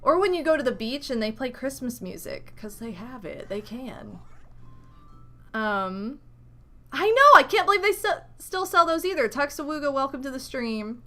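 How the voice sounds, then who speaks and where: A woman streamer chats on in a bright, sharp-toned voice that sits a little high, rambling cheerfully to her viewers. She is talking around a dental retainer. Faint game music plays under her. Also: animated, unhurried, long pauses. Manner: chatty and rambling, greeting viewers, upbeat. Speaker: streamer playing a video game. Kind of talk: casual live-stream chat.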